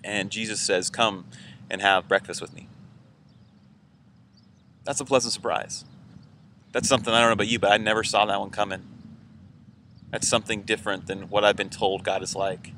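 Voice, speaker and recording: A church pastor gives an informal weekend sermon in a low, bright, somewhat tense voice, speaking a little fast. His relaxed, conversational talk is full of loose fillers, with a faint ambient hiss behind him.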